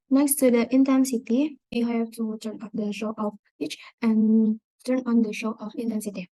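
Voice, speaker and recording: A woman's voice: a little high, steady tone, moderate pace, few pauses, mellow, no echo, low-quality recording. A young woman whose first language is Indonesian, a student presenting an exam project in a screen-recorded walkthrough, carefully reading out measurements step by step. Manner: careful, reads out numbers step by step.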